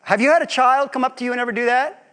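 A man's voice: very high voice, very fast, pushed and bright. A man preaching a sermon as pastor, asking his congregation rhetorical questions and acting out quoted voices.

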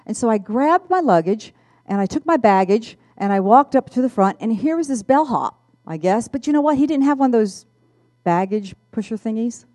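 Animated woman telling a personal story. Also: fairly high pitch, normal speed, no room sound. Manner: animated, acts out voices. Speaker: speaker giving a testimony. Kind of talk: storytelling testimony.

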